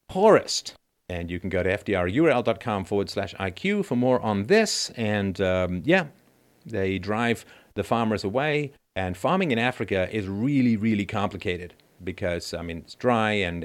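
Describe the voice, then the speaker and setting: A middle-aged man hosting a show, reading news stories aloud and cutting in with mocking, jokey asides and laughter. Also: lowish voice. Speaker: podcast host. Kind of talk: sarcastic news commentary.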